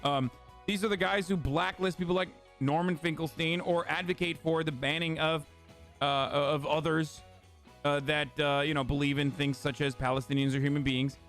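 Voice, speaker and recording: Indignant, halting streamer man. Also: fairly high pitch, steady tone, fairly bright tone. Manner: indignant, halting with fillers, profane. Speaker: streamer in an archive clip. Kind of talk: heated commentary. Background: faint music.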